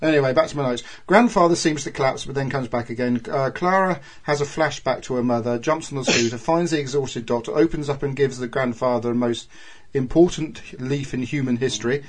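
A man's voice: medium pitch, fairly quick. A man hosting a casual podcast chat over an online call, reading from his episode notes with ums and giggles. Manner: chatty and giggly, trails off with ums. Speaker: podcast host.

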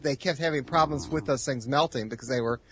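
A man's voice: mid-range voice, fast, a little hiss or hum. A man co-hosting a casual podcast, chatting and explaining details. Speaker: podcast co-host. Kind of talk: casual chat.

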